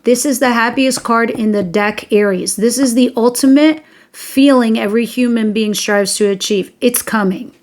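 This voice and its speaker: A woman's voice: fairly high pitch, normal speed, hardly any pauses, a little mellow. A young woman giving a casual tarot reading, talking directly and emphatically to her listeners, with the odd swear word. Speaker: tarot reader.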